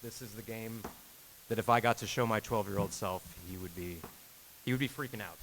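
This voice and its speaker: A man in his thirties tells a long personal story to a live panel audience, and his voice stays bright and forward throughout. He acts out each quoted line with sudden leaps in pitch and laughs as he talks. A faint hiss sits under the recording. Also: a little fast, low-quality recording. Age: 30s. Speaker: game director on a convention panel. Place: convention panel room.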